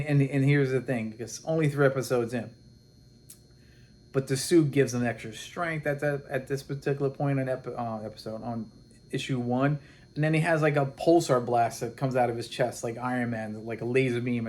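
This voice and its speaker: A man's voice: medium pitch, normal speed. Casual man retelling a comic plot. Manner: rambling and animated, with many restarts and quoted dialogue. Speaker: comic book reviewer.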